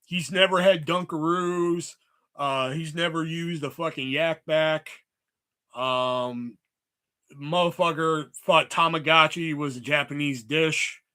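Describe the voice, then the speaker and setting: A man's voice: a little high, steady tone, slow, pushed and bright, smooth. A man hosting a casual movie chat, rambling with lots of swearing and fillers. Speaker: host.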